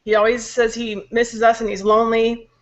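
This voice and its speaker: A young woman with a slightly high voice and a sore throat, venting in casual chat. She sounds worn out and frustrated and slips into swearing when riled. The recording is dull and lo-fi. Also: flat delivery. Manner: frustrated, swears when angry, quick asides. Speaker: podcast co-host venting.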